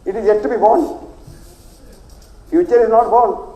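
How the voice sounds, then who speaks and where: A man's voice: high voice, normal speed, warm tone, echoey room, poor audio. A man from South India who is a doctor, speaking with a South Indian accent and giving an emphatic, repetitive health lecture.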